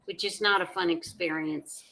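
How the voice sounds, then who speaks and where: A woman's voice: lowish voice, fairly even intonation, moderate pace, pushed and bright, poor audio. A woman appearing as a podcast guest and medium, explaining her views in an assured manner. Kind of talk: conversational podcast talk.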